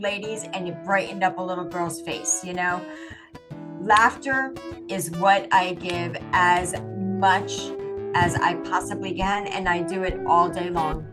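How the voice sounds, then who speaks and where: A woman who is a life coach, talking earnestly and encouragingly as a guest on a podcast interview. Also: lowish voice.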